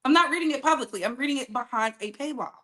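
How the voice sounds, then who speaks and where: Female gossip streamer with a high, bright voice; animated, chatty, laughs a lot. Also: very fast. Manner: animated, laughs often, talks straight to her chat. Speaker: gossip livestream host. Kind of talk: casual livestream gossip chat.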